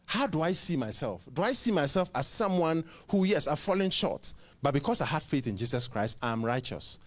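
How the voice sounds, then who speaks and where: A man's voice: on the high side, very animated, brisk. A man preaching a sermon who fires off rhetorical questions and often repeats words and restarts.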